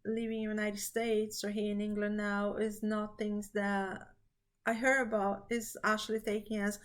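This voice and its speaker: A woman's voice: medium pitch, flat delivery, normal speed. A woman speaking English as a second language, hosting a casual spiritual talk to camera, earnest and reassuring, repeating her key phrases. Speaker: spiritual reading channel host.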